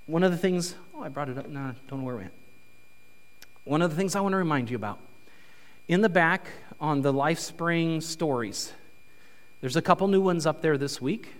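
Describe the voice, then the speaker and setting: A male pastor giving a conversational, animated sermon in a church. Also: fairly high pitch, brisk, long pauses. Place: church sanctuary. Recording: reverberant church hall.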